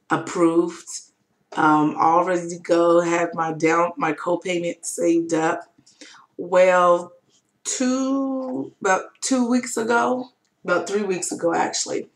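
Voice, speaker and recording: A young woman talks straight into her webcam at home, her voice sitting on the lower side. She tells her story candidly and emotionally, with plenty of fillers and restarts along the way. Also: steady tone, takes it slowly. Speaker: vlogger. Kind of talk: personal webcam vlog. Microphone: webcam mic.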